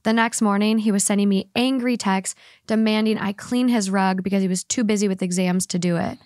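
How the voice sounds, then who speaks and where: A woman podcast host reads a Reddit story aloud with lively energy, breaking into laughs and swearing freely. Her voice sits in a middle pitch. The sound is dry and close, with no room around it. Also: fairly quick, no room sound. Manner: animated, laughs often, swears casually.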